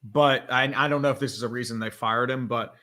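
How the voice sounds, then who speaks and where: A man's voice: mid-range voice, fairly even intonation, fairly quick, bright, forceful tone. Guy cohosting a podcast, rambly and swears a lot, lots of "like" and "apparently". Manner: profane, hedging, rambling. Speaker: podcast co-host. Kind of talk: casual chat.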